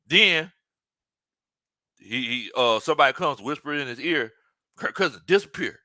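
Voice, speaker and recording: A man with a bright, ringing voice hosts a casual sports talk show. His pitch swings widely as he jokes and mocks the players. The sound is close and dry. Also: a little fast, no room sound. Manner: animated, joking, mimics players in quoted asides.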